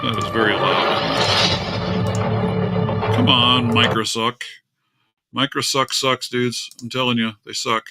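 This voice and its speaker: A man's voice: medium pitch, steady tone, takes it slowly, pauses often, bright, forceful tone, faint music behind. A man hosting a casual live stream, chatting and grumbling aloud while his screen share fails. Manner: chatty, grumbling at tech trouble, talks to his cat. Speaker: livestream host.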